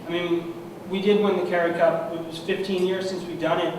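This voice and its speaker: A young man giving an award acceptance speech, heartfelt and halting, clearly emotional. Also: high-pitched, little pitch movement. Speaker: award recipient. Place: large banquet room at an annual meeting. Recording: echoey hall from far off, noisy.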